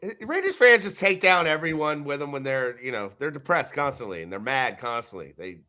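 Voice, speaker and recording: A man from California co-hosting a casual sports podcast, laid-back and hesitant, often pausing with uh. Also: mid-range voice, very animated, bright, forceful tone. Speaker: podcast co-host.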